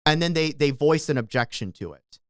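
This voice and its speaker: A man co-hosting a political podcast, laying out his argument step by step in a measured way. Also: on the high side, expressive, no room sound, studio quality. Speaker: podcast co-host. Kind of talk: casual political discussion.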